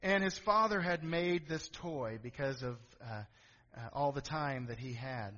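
A man's voice: medium pitch, a little slow, bright, forceful tone. A middle-aged male pastor preaching a sermon, telling a story with asides to the congregation and building to emphatic calls. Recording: echoey hall, dull lo-fi sound.

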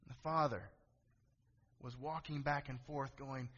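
A man's voice: medium pitch, fairly even intonation, a little slow, pauses often, a bit bright, breathy edge. A middle-aged male pastor preaching a sermon, telling a story with asides to the congregation and building to emphatic calls. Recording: echoey hall, dull lo-fi sound.

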